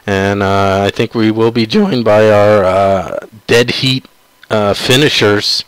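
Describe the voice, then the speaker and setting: A man hosts a live racing broadcast in a smooth, clear voice, recorded dry and close. He stops and starts often, filling gaps with "uh" as he wraps up the event. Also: on the low side, steady tone, dry recording, low-quality recording. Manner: halting, many fillers. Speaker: broadcast host.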